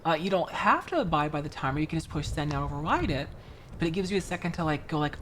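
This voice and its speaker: A young woman from Florida, chatting casually on a livestream while building a model kit, animated and quick to laugh, with frequent restarts. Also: sits low, slight background noise. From Florida, United States. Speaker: streamer.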